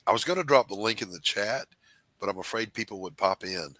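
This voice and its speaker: A Southern American man hosts a loose, joking chat, his voice bright and forceful with a slightly low pitch. He teases his guests with wry, animated banter. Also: a little fast, slight background noise, rough recording. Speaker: podcast host. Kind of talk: casual chat.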